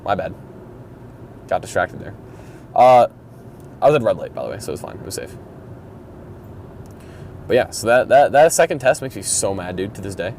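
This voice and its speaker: A man's voice: on the low side, expressive, moderate pace, long pauses, a little mellow. A young man rambling casually and profanely while driving, griping with mumbled, exasperated energy. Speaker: vlogger. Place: in a car, driving. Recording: faint road noise in a car. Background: vehicle noise.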